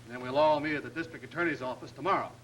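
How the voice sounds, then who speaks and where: An actor playing a brash, tough police inspector who barks orders in a 1930s film. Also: male voice, on the high side, very fast, lightly acted. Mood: gruff. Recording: old film soundtrack with faint hiss.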